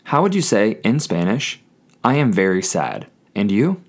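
A man with a fairly low voice leads a scripted language lesson. He speaks clearly and patiently, saying each phrase twice and slowing down to spell words out. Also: very animated. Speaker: Spanish language teacher.

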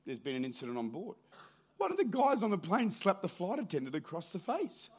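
A man preaching a sermon as pastor, with lively storytelling that builds to shouted calls and then drops low and quiet. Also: a little fast, slightly rough.

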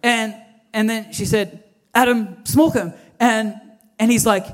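A man's voice: sits high, steady tone, takes it slowly. A man, preaching a sermon as lead pastor, telling stories animatedly with quoted dialogue.

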